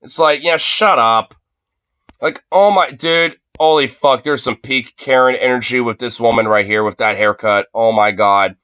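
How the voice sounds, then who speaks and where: A man's voice: mid-range voice, steady tone, moderate pace, few pauses, fairly bright tone, clean tone, dry recording. A young man streaming from his phone, reacting to a video in a loose, profane rant full of fillers. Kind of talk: casual ranting commentary.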